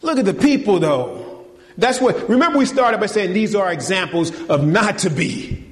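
A man preaching a sermon to his congregation, animated and colloquial, firing rhetorical questions and calling them y'all. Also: high-pitched, normal speed, in a large hall. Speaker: pastor. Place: church.

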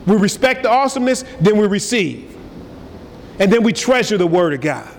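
Pastor guy preaching, high voice, big swings loud to soft, echoey church. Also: sing-song, fairly quick, creaky, a little hiss or hum. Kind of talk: sermon. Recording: hall reverb with faint ambience.

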